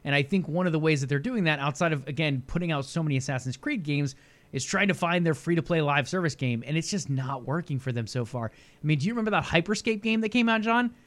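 A man co-hosts a casual gaming news stream. His voice sits a little high, and he talks in loose, filler-heavy runs and laughs easily. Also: lively intonation, fast, a bit bright. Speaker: podcast co-host.

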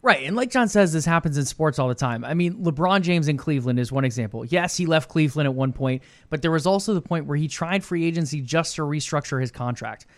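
A man co-hosts an esports news segment and works through each point in a measured, explaining manner. His voice sits a bit high for a man. The recording is dry and close. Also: lively intonation, no room sound. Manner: measured, explanatory, asks rhetorical questions. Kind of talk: casual esports news discussion.

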